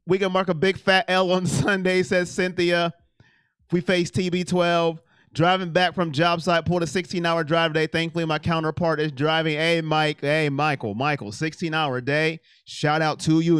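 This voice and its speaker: Animated high-voiced male stream host. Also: smooth, no echo, studio quality. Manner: animated, reads chat aloud and reacts. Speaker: sports live-stream host. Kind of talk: casual live-stream chat.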